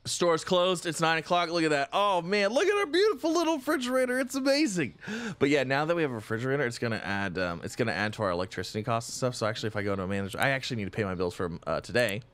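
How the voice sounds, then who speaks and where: A man hosting a casual let's-play, chatty and excitable, thinking aloud with frequent exclamations. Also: medium pitch, racing, few pauses, clear, resonant tone, no echo. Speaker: gaming channel host.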